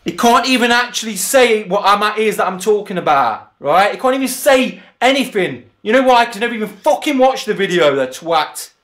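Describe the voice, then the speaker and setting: A man's voice: high voice, expressive, a little fast, hardly any pauses, a bit bright. A man ranting profanely in a vlog, often asking "do you know what I mean". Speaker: vlogger. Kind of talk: angry rant over video clips.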